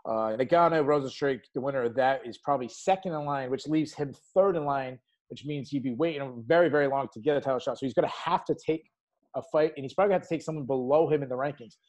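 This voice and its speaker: A man with a mid-range voice lays out his reasoning on a podcast panel. He talks quickly and casually, building his case point by point. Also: mid-range voice, a little mellow. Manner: quick, conversational, reasons step by step.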